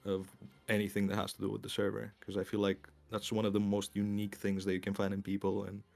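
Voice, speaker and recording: Male guest, low pitch, relaxed and loose-tongued, faint music in background. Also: fast talker, vocal fry. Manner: laid-back, swears freely. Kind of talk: casual chat.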